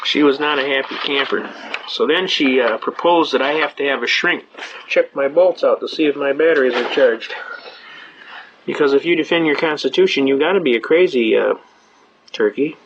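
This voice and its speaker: In a lo-fi recording with a noisy background, an older man lectures at a constitutional rights seminar through folksy, conversational storytelling. He speaks at medium pitch and a moderate pace, emphatic and often repeating himself.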